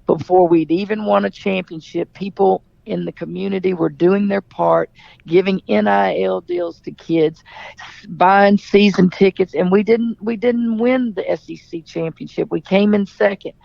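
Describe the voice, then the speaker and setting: A woman's voice: mid-range voice, fairly even intonation, normal speed, creaky, warm tone, dry recording, muffled recording. A middle-aged woman from Louisiana, a basketball coach answering interview questions in a forthright, storytelling manner.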